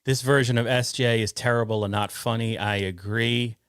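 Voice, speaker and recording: A man hosting a casual podcast, reading out chat comments in a halting, rambling way. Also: medium pitch, steady tone, a bit bright, no room sound, studio quality. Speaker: podcast host.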